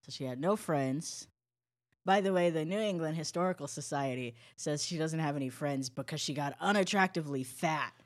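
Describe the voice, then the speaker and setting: Podcast co-host, mid-pitched voice, blunt, irreverent storytelling. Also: normal speed. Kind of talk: casual chat.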